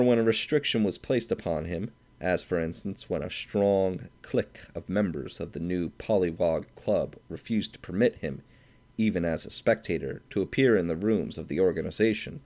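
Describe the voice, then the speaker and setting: A man narrating a classic short story aloud in a measured, steady audiobook reading. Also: sits low. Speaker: audiobook reader.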